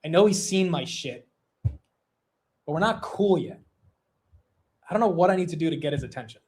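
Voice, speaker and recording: A man's voice: a little high, lively intonation, moderate pace, a little mellow. A young man hosting a long livestream, chatting casually, rambling, swearing loosely, and reading out viewer super chats. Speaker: livestream host.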